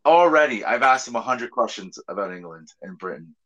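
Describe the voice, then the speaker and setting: A man's voice: medium pitch, expressive, a little fast, fairly bright tone. A man co-hosting a podcast in casual chat, rambling and laughing often. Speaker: podcast co-host. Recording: dull lo-fi sound.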